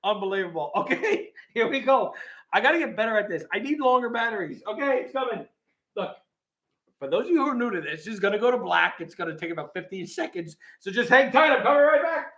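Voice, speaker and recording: A man's voice: sits high, big pitch swings, quick pace, a bit bright. A man hosting a casual live stream, reading a script aloud with its stage directions and chuckling often.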